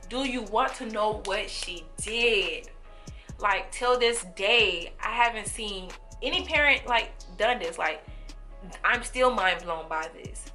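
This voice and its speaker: A young woman telling a story to her viewers in a casual, animated way, acting out the voices of people in it, with speech. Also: medium pitch, takes it slowly, soft background music. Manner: animated, acts out quoted voices, talks straight to viewers. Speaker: storytime vlogger.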